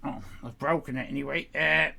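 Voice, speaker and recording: A woman playing a sassy, brash sixteen-year-old Irish girl, hosting a live stream in character and rambling loudly to herself. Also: a bass voice, fairly even intonation, fairly quick, vocal fry, full character voice. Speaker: livestream host in character.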